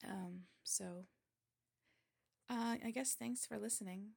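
A woman's voice: medium pitch, takes it slowly, gravelly, a little mellow, breathy edge. A woman chatting casually and rambling in a self-deprecating way before and after a reading. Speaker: amateur reader. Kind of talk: casual chat.

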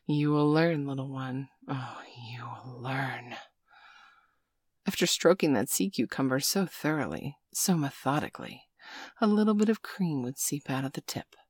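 A woman in whispered role-play, speaking slowly and coaxingly with pet names, close to the mic. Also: low voice, slightly rough, no echo. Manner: slow, coaxing, teasing, full of pet names. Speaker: audio role-play performer.

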